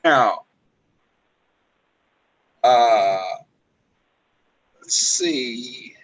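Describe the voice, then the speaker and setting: A man's voice: mid-range voice, animated, very slow, no room sound, rough recording. A man doing a sales call role-play, polite and following a script. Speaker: trainee recruiter.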